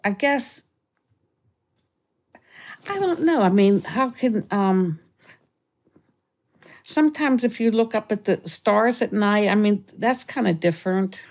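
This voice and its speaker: A woman talks casually as an interview guest, her voice sitting at a middle pitch. She tells her stories in an animated way and keeps stopping and restarting her sentences. When she quotes other people she jumps up into a higher voice. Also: takes it slowly, long pauses. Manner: animated, acts out callers with raised pitch, frequent restarts. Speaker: guest, former remote viewer.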